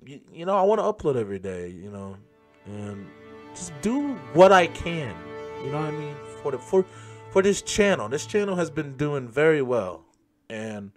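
A man hosting a gaming channel, chatting casually and yelling profanely at the game as he plays. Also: mid-range voice. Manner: loose, profane, laughs and yells at the game. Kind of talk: casual gameplay commentary.

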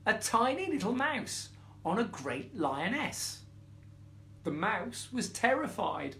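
A man reading a bedtime story aloud in an expressive, playful way. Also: sits high, takes it slowly, creaky.

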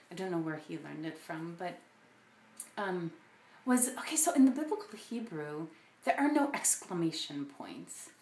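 A woman with a lowish voice talks slowly through her thoughts in a casual, reflective monologue. She hesitates often, circling back with fillers and restarts. Her voice rings in a roomy echo. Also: a little mellow. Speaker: podcast host.

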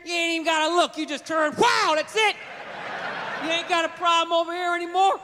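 A man's voice: very high voice, brisk, long reverb tail, crowd noise, noisy background. A man voicing a blunt redneck gun-store clerk who drawls, insists and repeats himself. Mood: insistent.

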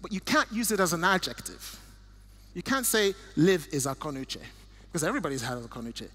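A middle-aged man from Nigeria speaks earnestly at a church event, walking through slides and personal stories. His voice sits fairly high for a man, and he often restarts a phrase before pressing on. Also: expressive, a little fast. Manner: earnest, warm storytelling with restarts. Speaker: guest speaker.

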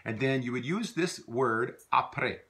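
A man teaching a video language lesson, patiently repeating phrases slowly for learners to copy. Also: mid-range voice, lively intonation, pushed and bright.

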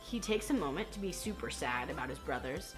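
Giggly, lively young woman recapping a film. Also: sits low, a little fast, over music. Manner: chatty, giggly, self-deprecating, acts out quotes. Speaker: film reaction host. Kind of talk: casual movie recap chat.

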